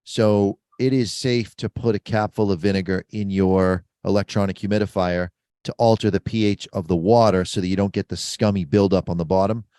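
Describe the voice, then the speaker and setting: A man's voice: low-pitched, fairly even intonation, fairly quick, warm tone, smooth, no room sound, clean studio sound. A man hosting a casual podcast chat, explaining things in a confident, practical way. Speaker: podcast host. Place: mobile studio.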